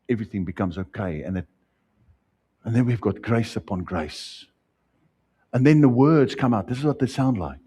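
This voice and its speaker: A man with a South African accent preaching a sermon to his congregation, swinging between loud rising lines and soft dropped asides. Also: mid-range voice, slightly rough. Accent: South African English. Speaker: pastor.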